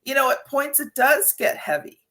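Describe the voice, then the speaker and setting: A woman's voice: sits high, big pitch swings, moderate pace, a bit bright. A middle-aged woman hosting a podcast interview, chatty and anecdotal with many fillers. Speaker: podcast host. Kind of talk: conversational interview.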